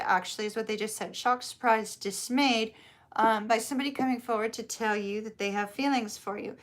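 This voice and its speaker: A middle-aged woman with a Southern US accent, chatting warmly through a live tarot reading and drawing out her words. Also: on the high side. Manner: chatty, bubbly, drawn-out words. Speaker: tarot reader.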